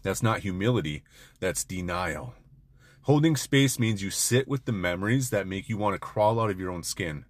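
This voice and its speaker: A man's voice: low-pitched, animated, moderate pace. A man giving an intense, blunt motivational monologue to other men, peppered with swearing. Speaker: men's self-help speaker.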